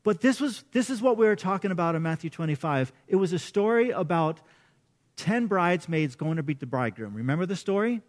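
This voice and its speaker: A middle-aged male pastor preaching to his congregation, animated and interactive, quizzing the audience. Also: high-pitched, a little fast. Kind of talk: sermon. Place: church service.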